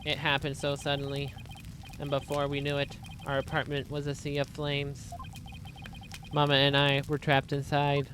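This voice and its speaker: A man as a mourning soldier drone, flat and mechanical, a little high-pitched. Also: moderate pace, a little hiss or hum, close to an everyday voice. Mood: mournful. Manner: flat, robotic delivery. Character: grieving male soldier talking through a drone.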